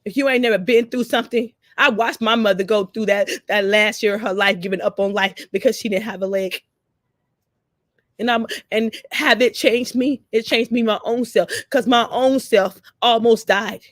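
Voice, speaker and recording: An older woman speaks to her livestream viewers, earnest and searching, going back over her own phrases and letting them trail off. Her voice sits a little high, and the sound is dry and close with no room around it. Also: steady tone, moderate pace, no echo. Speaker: vlogger. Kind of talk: emotional livestream monologue.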